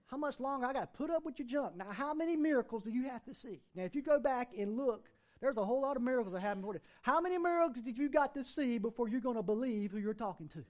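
A man's voice: extremely high pitch, expressive, fast, few pauses. A middle-aged man preaching a sermon as pastor, folksy and conversational, with plenty of rhetorical questions.

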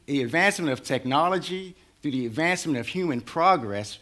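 A man's voice: on the high side, expressive, fairly quick, fairly bright tone. A man preaching a sermon in a conversational way, building to rising intensity. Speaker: pastor.

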